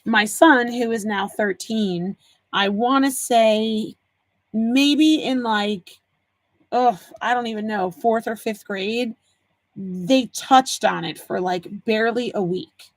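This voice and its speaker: Speaking slowly in a slightly high voice with no echo, a woman in her forties hosts a live stream. She works on a craft project while chatting with viewers, telling stories, and responding to their comments.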